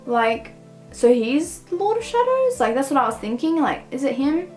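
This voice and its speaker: A woman's voice: high-pitched, sing-song, normal speed, darkish tone, faint music behind, poor audio. A young woman in a casual book review rant, rambling and peppered with "like" as she talks things through. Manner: rambling, heavy use of "like".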